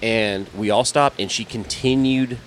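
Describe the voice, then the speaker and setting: Profane, animated storyteller man. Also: lowish voice, unhurried, a little hiss or hum. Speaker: podcast co-host. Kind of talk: casual storytelling chat. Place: garage.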